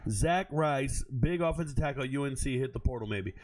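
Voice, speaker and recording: A man's voice: medium pitch, lively intonation, brisk, few pauses, a little mellow. A man hosting a casual livestream as a sports analyst, blunt and profane, laughing often.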